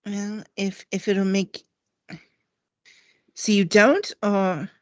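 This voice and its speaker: A woman's voice: mid-range voice, little pitch movement, extremely slow, no room sound, dull audio. A woman player in a tabletop game, talking casually and hesitantly, restarting phrases.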